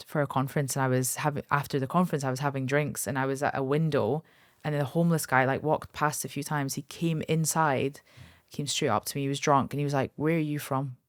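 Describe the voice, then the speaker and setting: A woman's voice: very deep voice, no room sound, clean studio sound. A woman, guest on a podcast, telling personal stories candidly and acting out the voices of others. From Kurdistan, north of Iraq. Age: 30s. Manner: candid, emotional storytelling with acted-out quotes. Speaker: guest, aesthetics doctor. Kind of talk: podcast interview.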